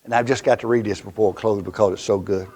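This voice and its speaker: A male pastor with a Southern US accent preaching a fiery, emphatic sermon in a church, swinging from loud to hushed. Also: fairly low pitch, fairly even intonation, fast, slightly rough.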